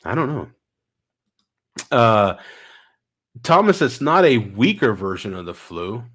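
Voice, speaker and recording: Animated man telling stories, slightly stuffy. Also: fairly low pitch. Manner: animated storyteller, reads and answers chat comments. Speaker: vlogger. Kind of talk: casual livestream chat.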